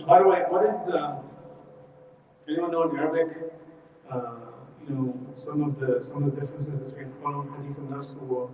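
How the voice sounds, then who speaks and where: A man teaching a Quran study class, telling the story in a lively way and acting out what the people in it say. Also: fairly high pitch, moderate pace, a little hiss or hum. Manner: animated storytelling, acts out quoted speech. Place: mosque hall. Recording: echoey hall from far off.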